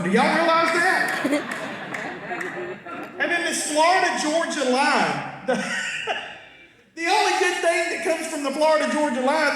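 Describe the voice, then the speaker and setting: Comic echoing through a hall. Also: male voice, very high voice, a bit bright. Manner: folksy storytelling with punchlines and crowd asides. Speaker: stand-up comedian. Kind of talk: stand-up comedy set. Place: large concert hall with a live crowd. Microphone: stage mic heard from far off in the audience. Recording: echoey hall recorded from far back in the audience.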